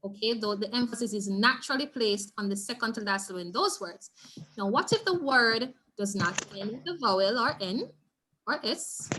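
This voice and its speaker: A woman's voice: a little high, animated, moderate pace, bright, forceful tone, a little hiss or hum. A woman with a Jamaican accent teaching an online Spanish revision lesson, encouraging and repeating words for students to drill. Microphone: video call.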